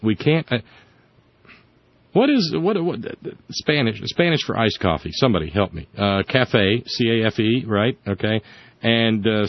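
A sardonic man rambles through casual political chat at an average pitch, often restarting his sentences. The recording is dull and lo-fi, with a dry, close sound and no room around the voice. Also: dry recording. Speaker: podcast host.

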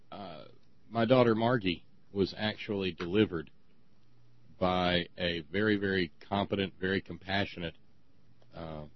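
A man's voice: deep voice, dry recording. Guy co-hosting a talk show, sarcastic and ranty, trips over his words a lot, dry muffled sound. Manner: sarcastic, ranting, halting restarts. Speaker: podcast co-host. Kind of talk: casual opinion talk.

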